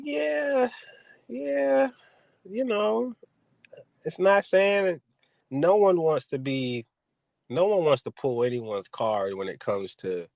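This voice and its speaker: A man co-hosting a casual podcast, telling animated stories and acting out quotes in put-on voices. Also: creaky, dry recording. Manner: animated storyteller, acts out quotes with big pitch jumps. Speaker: podcast co-host.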